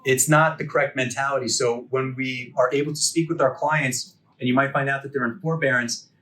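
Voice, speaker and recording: A man's voice: mid-range voice, fairly even intonation, brisk, pushed and bright. A man in his forties teaching a continuing education course in a conversational lecture, firing off rhetorical questions and checking in with "okay?" and "right?". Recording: voice a bit distant from the mic.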